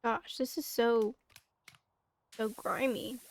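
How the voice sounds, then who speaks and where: A woman's voice: on the high side, steady tone, slow pace, vocal fry. A woman streaming a game, chatting casually and muttering to herself as she plays. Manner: mutters to herself while playing.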